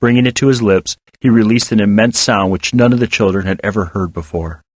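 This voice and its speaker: A man narrating a serialized children's story as an audiobook with expressive storytelling. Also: fairly low pitch, brisk, no echo, clean studio sound. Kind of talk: audiobook reading of serial fiction.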